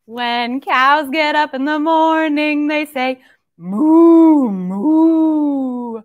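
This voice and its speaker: A young woman leads a toddler story time in a high voice. She speaks slowly and in a playful sing-song, with animal noises, counting rhymes and little sound effects. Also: steady tone, narrow, tinny audio. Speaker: children's librarian leading story time.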